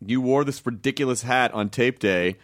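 A man hosting a casual chat who jumps in with quick, encouraging interjections. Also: medium pitch, dry recording, studio quality.

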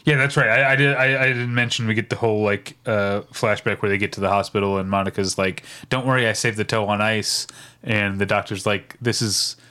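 A man's voice: fairly low pitch, steady tone, a little fast, few pauses, pushed and bright. A man co-hosting a podcast, chatting casually and recounting scenes with quoted lines and frequent laughs. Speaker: podcast co-host. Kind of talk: casual chat recapping a sitcom.

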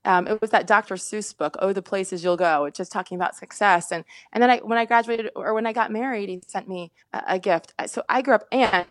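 A woman in her fifties from Indiana, a sportscaster telling a story as a podcast guest, quick and animated, laughing often and restarting her sentences. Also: mid-range voice, no room sound. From Indiana, USA.

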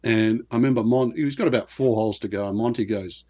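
A middle-aged man from New Zealand, a former pro golfer, telling lively, self-deprecating stories as an interview guest. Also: medium pitch, quick pace. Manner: animated anecdotes with self-deprecating laughs. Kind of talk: casual storytelling interview.

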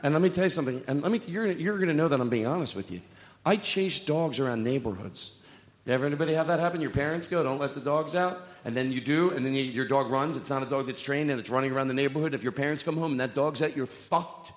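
A fast-talking comedian with a medium-pitched voice does a live set on a comedy club stage. His rambling routine is full of swearing and self-mocking banter with the crowd, captured in an echoey hall with long reverb.

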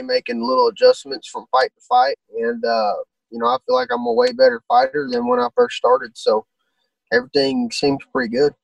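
A man's voice: extremely high pitch, gravelly, dry recording, recorded from a distance, poor audio. A man in his twenties, a guest fighter, talking in a laid-back, blunt and crude way in a casual interview. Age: 20s.

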